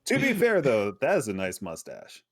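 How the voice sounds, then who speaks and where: A man's voice: mid-range voice, wildly swooping pitch, moderate pace, no room sound. A man co-hosting a casual podcast chat, laid-back, with short replies and dry asides. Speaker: podcast co-host.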